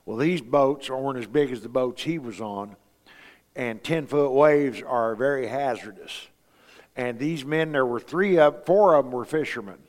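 A man's voice: medium pitch, unhurried, long reverb tail. A man preaching a sermon in a folksy, storytelling way, asking his congregation rhetorical questions. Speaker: pastor.

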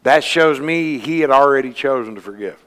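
A man preaching a sermon, earnest, climbing to emphatic peaks and then dropping low. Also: moderate pace, a bit bright. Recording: long hall reverb.

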